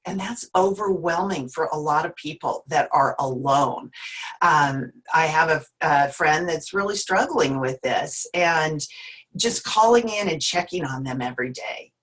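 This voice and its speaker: Woman in her 50s, workshop presenter on a video call; earnest, low-ish voice, emotional and candid. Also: expressive, measured pace, fairly bright tone. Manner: earnest, emotional, with frequent restarts. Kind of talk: online workshop talk.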